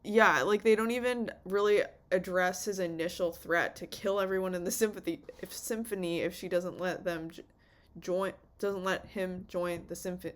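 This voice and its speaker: A young woman giving an off-the-cuff review in a rambling, swearing, animated way, acting out the characters' lines. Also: lowish voice, normal speed. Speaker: vlogger reviewing a TV series.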